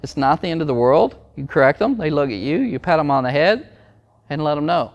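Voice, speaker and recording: A man's voice: a little high, expressive, brisk, lo-fi sound. A man, a dog trainer, ranting to camera in a blunt, emphatic, preachy way. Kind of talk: opinion rant to camera.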